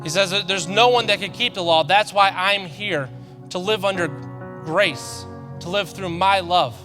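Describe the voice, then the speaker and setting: A man preaching a sermon to his church, telling stories with animated, self-deprecating humor. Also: high voice, moderate pace, in a large hall, over music. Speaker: pastor. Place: church auditorium.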